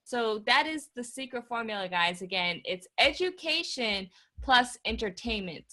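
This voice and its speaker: A woman's voice: fairly high pitch, lively intonation, moderate pace, sharp tone. A woman hosting a live stream workshop, upbeat and talking straight to her viewers. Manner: upbeat, addresses viewers as guys. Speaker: workshop host.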